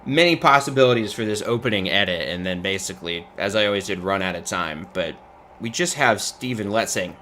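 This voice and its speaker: A man's voice: fairly low pitch, expressive, fairly quick, sharp tone, a little hiss or hum. A man hosting a casual video commentary, sarcastic and joking, often breaking into laughter. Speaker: YouTube commentary host.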